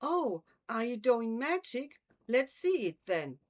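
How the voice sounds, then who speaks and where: A keen, bossy schoolgirl with a busy, brisk voice, pitched well above the reader's own, put on by a woman. She pushes in with bright, excited questions in a storybook reading. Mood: eager. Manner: brisk, eager.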